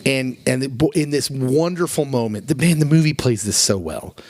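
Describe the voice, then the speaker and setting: Emotional animated male podcast host. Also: medium pitch, moderate pace, no room sound, studio quality. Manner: animated, emotional, acts out quotes in raised voice. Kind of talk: casual chat, retelling movie scenes.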